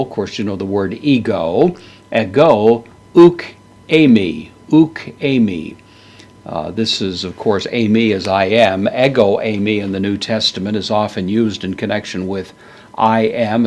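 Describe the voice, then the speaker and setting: A middle-aged man giving a verse-by-verse Bible lesson, measured, slowing down to stress quoted words. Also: on the low side. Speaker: Bible teacher.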